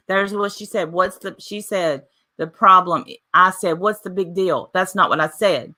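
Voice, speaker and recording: A woman's voice: fairly low pitch, moderate pace, pushed and bright. A woman vlogging casually, retelling a dispute with lots of "I said, she said" and reading messages aloud. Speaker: YouTuber. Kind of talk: casual vlog monologue.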